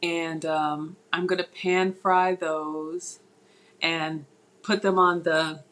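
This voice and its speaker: A woman's voice: sits low, level tone, takes it slowly, a bit bright. Chatty woman cooking live. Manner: chatty, reads viewer comments aloud while cooking. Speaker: cooking channel host. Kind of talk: live cooking stream chat. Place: home kitchen. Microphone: tablet on the counter.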